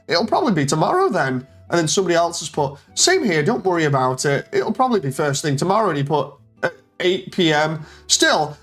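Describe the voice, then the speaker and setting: A man streaming casually, telling a story with animated energy and reading out chat messages in a mocking tone. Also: a little high. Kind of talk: casual stream chat, retelling an online exchange.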